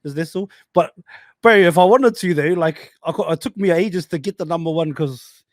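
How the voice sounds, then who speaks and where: A man's voice: a little high, normal speed, no echo, clean studio sound. A young New Zealand man as a podcast guest, joking in slang-heavy banter and laughing often.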